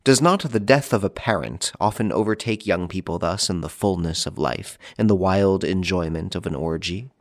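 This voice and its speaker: A man reads an old novel aloud in a measured, formal way. His voice sits very low, and the recording is dry and close with no room sound. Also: no room sound. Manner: measured, formal literary reading. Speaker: audiobook narrator. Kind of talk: scripted narration.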